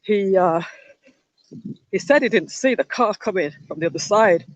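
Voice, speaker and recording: A woman's voice: medium pitch, expressive, normal speed, dry recording, highs cut off. A woman hosting a livestream, chatting and telling a rambling story while walking outdoors in a park, with frequent restarts. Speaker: livestream host.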